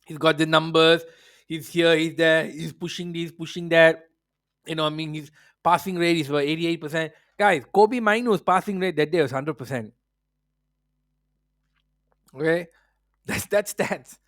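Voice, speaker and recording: Brash, profane football podcast host. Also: male voice, on the high side, moderate pace, long pauses, dry recording, clean studio sound. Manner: brash, profane, animated, mocking voices. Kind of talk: casual opinionated rant.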